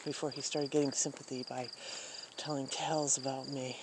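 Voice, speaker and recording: A woman's voice: rumbling low, little pitch movement, moderate pace, heavy background noise. A woman talking casually while walking outdoors at night, rambling with many fillers and sighs. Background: crickets and insects.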